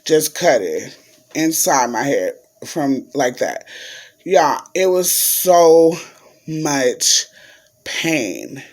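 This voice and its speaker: A man's voice: on the high side, lively intonation, extremely slow. A man vlogging in a chatty, casual way, telling a story to his viewers and calling them y'all.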